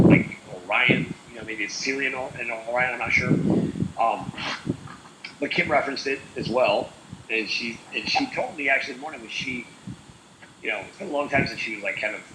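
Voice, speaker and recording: A man's voice: medium pitch, echoey room, background noise. A man co-hosting a casual talk show, rambling with many fillers. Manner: rambling, full of "like" and "uh". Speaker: co-host. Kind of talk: casual chat.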